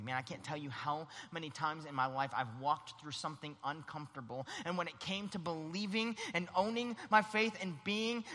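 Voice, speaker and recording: A high-voiced man preaching with animated energy, his tone bright and sharp. He slips into voices to act out the story. A long reverb from a large hall trails his words. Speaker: pastor. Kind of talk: sermon.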